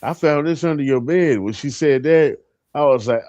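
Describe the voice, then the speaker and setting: A man's voice: on the high side, normal speed, darkish tone, no room sound, highs cut off. A man telling a crude, funny story in casual chat on a live stream, breaking into laughter.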